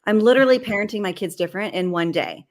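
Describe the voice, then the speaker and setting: A woman's voice: medium pitch, quick pace. A woman hosting a conversational interview, chatty and enthusiastic, reacting keenly to her guest. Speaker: podcast host.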